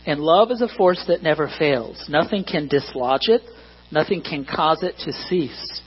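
A husky, slightly high-voiced man preaches a sermon to his congregation. He builds to emphatic, forceful points, then falls back to soft, quiet asides. The recording is dull and lo-fi, with a steady mains hum underneath. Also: unhurried. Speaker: pastor.

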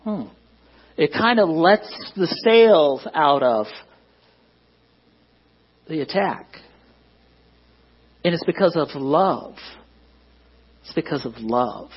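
A man's voice: fairly high pitch, animated, slow, long pauses, husky, muffled recording. A man preaching a conversational sermon as pastor, often asking the congregation to agree. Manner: conversational, self-deprecating, asks the congregation for agreement. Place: church.

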